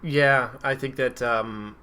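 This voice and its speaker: Bright-voiced young man chatting on a podcast. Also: mid-range voice, slow, slight background noise. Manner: relaxed, chatty, laughs often. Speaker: podcast co-host. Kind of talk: casual chat.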